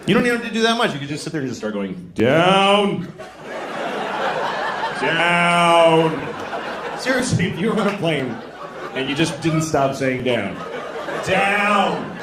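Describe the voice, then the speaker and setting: A man doing a stand-up comedy set, telling stories deadpan and breaking into loud acted-out voices. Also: on the high side, quick pace, background noise. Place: theater stage before a laughing audience. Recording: roomy live venue with crowd laughter.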